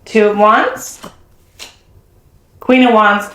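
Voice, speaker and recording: A woman doing a casual, chatty tarot reading, talking warmly and effusively to her viewers. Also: mid-range voice, unhurried. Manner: chatty and effusive, gasps and acts out quotes. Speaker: tarot reader. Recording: echoey room.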